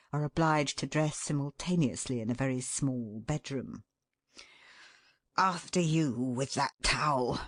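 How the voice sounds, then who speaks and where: A woman with a deep voice narrates an audiobook from a script, expressively shifting her tone to act out quoted lines. The recording is dry with clean studio sound.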